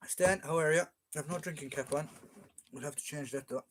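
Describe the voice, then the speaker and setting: A man's voice: fairly high pitch, brisk, a bit bright. Chatty Irish man hosting a livestream. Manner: chatty and joking, with frequent fillers. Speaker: livestream host. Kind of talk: casual live chat reading viewer comments.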